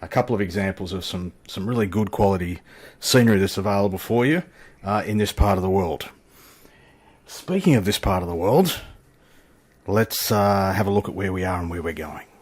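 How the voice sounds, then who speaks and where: Husky low-voiced Australian man, lively. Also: moderate pace. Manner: chatty, joking, self-deprecating. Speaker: flight sim channel host. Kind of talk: casual gameplay commentary.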